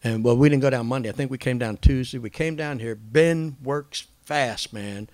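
A man telling his recovery story in a casual, rambling way, full of slang and fillers, who acts out other people's lines in a higher voice. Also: moderate pace, darkish tone, dry recording. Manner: acts out quoted voices with raised pitch.

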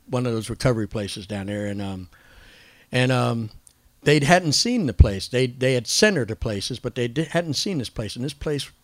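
A man telling his recovery story in a casual, rambling way, full of slang and fillers, who acts out other people's lines in a higher voice. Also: lively intonation, normal speed, dry recording. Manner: acts out quoted voices with raised pitch.

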